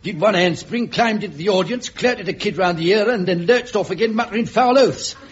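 A man's voice: high-pitched, a little fast, husky. A man voicing a chatty, grumbling circus owner in a radio comedy. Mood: gossipy. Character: gruff, gossipy circus owner. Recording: dull old radio recording, noise.

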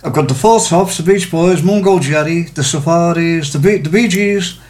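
A man's voice: on the high side, darkish tone. A man co-hosting a local radio show, joking and hesitating as he lists his records. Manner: jokey, hesitant, drawn-out. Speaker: radio co-host playing music. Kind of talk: casual banter on local radio.

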